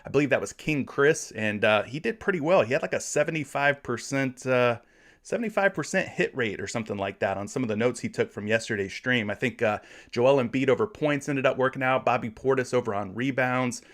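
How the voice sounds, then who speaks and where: A Florida man in his thirties hosts a casual sports betting livestream, reading viewer comments aloud in a friendly, chatty way. His medium-pitched voice is brisk and fairly bright.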